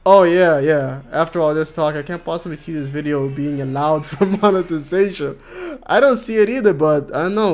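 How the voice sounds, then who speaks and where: A man chatting casually on a game stream, rambling and joking and reading out chat messages. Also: on the high side. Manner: rambling, jokey, reads chat aloud.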